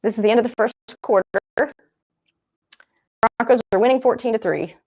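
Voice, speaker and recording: A young woman talks her way through a live football broadcast. She rambles and thinks out loud and keeps circling back to the action on screen. She sounds like a casual livestream host. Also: a little high, brisk. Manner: chatty and rambling, thinking aloud. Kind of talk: casual live game commentary.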